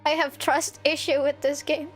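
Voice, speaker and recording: A young woman streamer giving excitable, playful game commentary, laughing and swearing freely. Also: sits high, moderate pace. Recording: faint game music behind.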